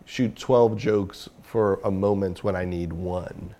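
A man being interviewed about his work as a comedian and filmmaker, with a gravelly, somewhat low voice. He talks candidly and self-critically and thinks out loud as he goes. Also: fairly even intonation, slow pace.

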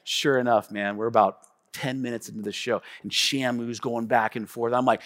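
A man preaching a sermon as a pastor, telling a story with animated energy and calling out to his congregation. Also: fairly high pitch, moderate pace. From Tacoma, Washington. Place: church sanctuary. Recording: long reverb of a church hall.

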